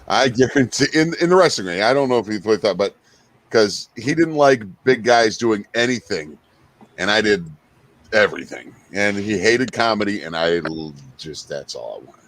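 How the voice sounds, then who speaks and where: A man's voice: lowish voice, animated, normal speed, a bit bright. A man co-hosting a podcast, telling joking stories with crude humor in casual chat. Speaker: podcast co-host.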